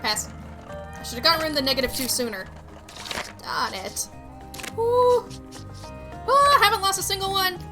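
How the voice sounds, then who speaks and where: A woman's voice: extremely high pitch, moderate pace, pauses often, music in the background. A woman streaming a video game live, reacting with emotive groans and cheers. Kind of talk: live gameplay commentary.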